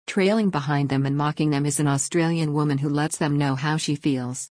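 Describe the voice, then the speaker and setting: Female news reader, deep-set voice, dead-dry booth sound, steady article read. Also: brisk, no room sound. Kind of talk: scripted news narration.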